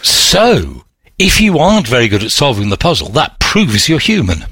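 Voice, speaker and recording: Male co-host, husky, lively intonation, deadpan wit. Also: mid-range voice, moderate pace, no room sound. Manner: dry self-mocking banter. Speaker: radio co-host. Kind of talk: casual radio chat. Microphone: studio mic.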